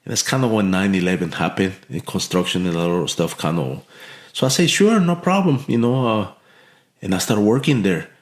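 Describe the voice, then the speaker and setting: A man from Mexico telling a heartfelt story as a podcast guest, earnest and full of restarts and fillers. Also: deep voice. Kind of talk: storytelling in an interview. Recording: echoey room.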